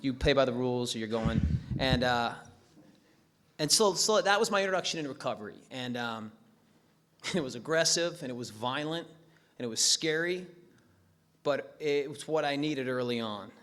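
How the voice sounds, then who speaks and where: A man with a bright, forward voice tells his own recovery story to a meeting. He speaks as a profane storyteller, swearing freely and joking at his own expense. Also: mid-range voice, animated, normal speed, long pauses.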